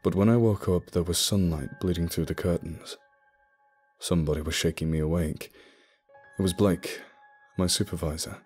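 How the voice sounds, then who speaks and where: A man narrating a spooky story in the first person, telling it in a steady, low-key way. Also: moderate pace, slightly rough. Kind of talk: scripted horror narration. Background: soft music.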